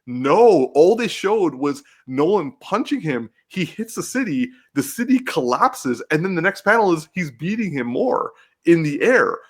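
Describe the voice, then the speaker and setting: A man co-hosts a casual podcast, talking with real excitement and emotion. His pitch swings widely as he gets worked up, and he trips over restarts and swears freely. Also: measured pace, husky. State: getting teary-eyed. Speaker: podcast co-host.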